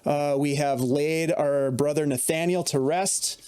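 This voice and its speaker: A man narrating as dungeon master in a relaxed, chatty way, with many fillers. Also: on the high side, a little slow, smooth. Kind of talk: narrating a tabletop game.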